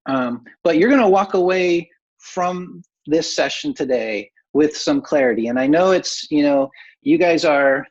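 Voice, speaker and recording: A man leads an online coaching workshop in a casual, upbeat way, scattering uhs and ums as he goes. His voice sits a little high. The sound is dull and lo-fi, as on a video call. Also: measured pace. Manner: casual, upbeat, many filler words. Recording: muffled lo-fi video call audio.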